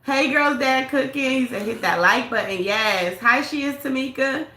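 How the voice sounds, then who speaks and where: A woman's voice: sits high, moderate pace, pushed and bright, reverberant. A woman hosting a casual live-stream gossip commentary, blunt and sassy, greeting viewers by name. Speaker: livestream commentary host.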